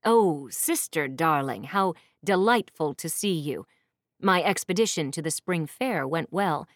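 A woman's voice: low-pitched, lively intonation, unhurried, dry recording, studio quality. A woman voicing a haughty young prince who speaks curtly and sarcastically in an audiobook. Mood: curt, mocking. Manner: sarcastic, snappish. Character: haughty young adult prince, curt and commanding.

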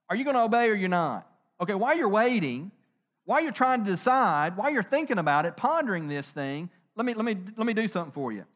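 A middle-aged man preaching a conversational sermon, animated, joking and asking rhetorical questions. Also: sits high. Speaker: pastor.

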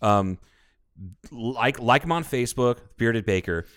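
A man's voice: mid-range voice, unhurried, fairly bright tone, clear, resonant tone. A man co-hosting a casual podcast, rambling and swearing freely as he talks about baking. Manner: profane, rambling, enthusiastic. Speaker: podcast co-host. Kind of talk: casual chat.

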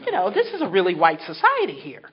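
Animated woman telling a funny story. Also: mid-range voice, fast talker. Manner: animated, laughing as she talks. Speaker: speaker sharing her story at a recovery meeting. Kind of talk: humorous storytelling to an audience. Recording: dull recording with a crowd behind.

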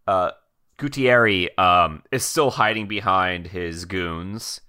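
A man's voice: sits low, slow, sharp tone. A man narrating as game master in a tabletop game, casual and full of "like" and laughs.

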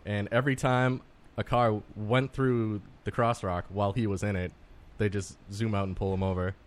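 A man on a casual podcast telling a relaxed anecdote to his friends. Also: lowish voice, normal speed. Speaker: podcast co-host. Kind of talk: casual storytelling.

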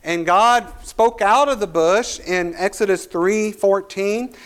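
Guy pastor preaching, fairly high voice, reads bible verses then hammers the point home. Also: slow pace, a bit bright, clean tone. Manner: reads scripture aloud, preaching with emphatic rises. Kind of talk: sermon.

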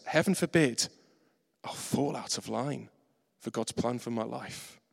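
A man preaching a sermon, animated and self-mocking, acting out the voices in his stories. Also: medium pitch, creaky. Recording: reverberant hall.

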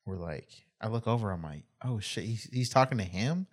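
A man's voice: lowish voice, expressive, brisk. A man casually telling a rambling bar story on a podcast, swearing freely and laughing as he goes.

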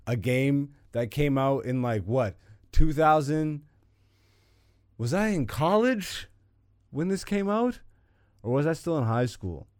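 Gaming while he talks, this Canadian podcast host in his thirties keeps things casual, self-deprecating and full of laughter in his home setup. The studio-quality recording has no echo, and his medium-pitched voice is a little mellow.

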